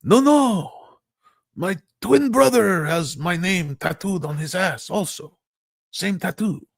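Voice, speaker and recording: A man voicing a smooth-talking cheating male soap opera lover who makes melodramatic, high, excited denials. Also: slow, no room sound, clean studio sound, heavily acted.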